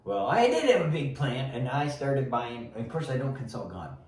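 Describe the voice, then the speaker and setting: A man's voice: medium pitch, big pitch swings, moderate pace, darkish tone. Folksy man telling his story, echoey. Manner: rambling, folksy, restarts often. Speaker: interview guest giving testimony. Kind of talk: casual storytelling. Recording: echoey room, mic at a distance.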